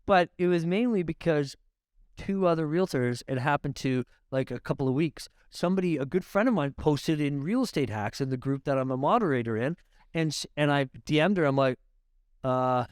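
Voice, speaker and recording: Man, podcast guest, smooth clear voice, dry close sound, animated storyteller, swears a lot. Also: fairly high pitch, no room sound. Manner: animated, profane, laughing storyteller. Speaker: realtor guest. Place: podcast studio.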